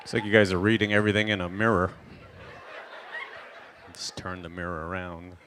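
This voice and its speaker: Against a noisy background, a deep-voiced Trinidadian man speaking at a moderate pace and with a Trinidadian accent performs stand-up at an indoor gala. He animates his stories by acting out the people in them.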